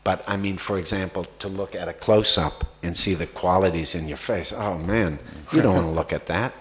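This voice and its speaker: In a festival Q&A conversation, a man with a low voice answers questions from the audience about acting. He talks at a normal speed, rambling and frequently restarting amid lots of fillers.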